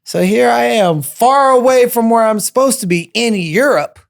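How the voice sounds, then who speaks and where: A man telling a personal story as a podcast guest, animated and repeating phrases for emphasis. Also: very high-pitched, normal speed, vocal fry, no echo, clean studio sound. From United States.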